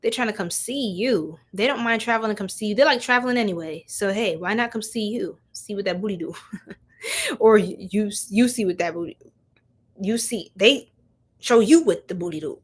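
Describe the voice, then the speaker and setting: A woman's voice: medium pitch, moderate pace, slightly rough. A young woman giving a chatty live-stream tarot reading, laughing often and talking straight to her viewers in slang. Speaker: tarot reader.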